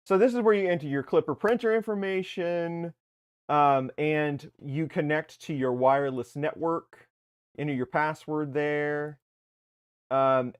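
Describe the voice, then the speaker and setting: A man co-hosting a casual tech livestream from a home basement, rambling and correcting himself as he explains things step by step. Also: mid-range voice. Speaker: livestream co-host. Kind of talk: casual live tech chat.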